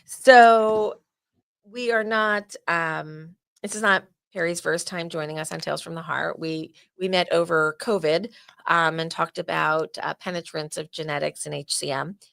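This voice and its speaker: Gravelly-voiced New Jersey woman hosting. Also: sits low, fairly even intonation, a little slow, fairly bright tone, no echo, studio quality. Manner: chatty, joking, loose asides. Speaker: podcast host. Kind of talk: casual podcast interview.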